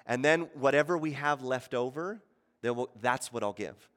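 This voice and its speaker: A man in his thirties preaching a sermon as a pastor, in a conversational way, often asking "right?" and acting out quoted voices. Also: moderate pace. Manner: acts out quoted voices with sudden shifts in pitch and loudness. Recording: long reverb of a church hall.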